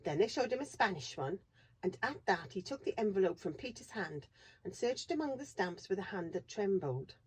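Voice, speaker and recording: A woman reading a classic children's novel aloud in a steady, expressive narration. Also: mid-range voice, moderate pace, slightly rough. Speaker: reader. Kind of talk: storybook read-aloud narration.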